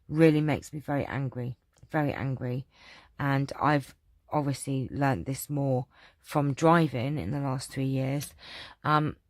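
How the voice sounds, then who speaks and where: A woman's voice: a bass voice, no echo. Chatty older Cockney woman, dry sound. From London. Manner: rambling storyteller, many ums and restarts. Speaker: channel host answering viewer questions. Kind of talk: casual chat.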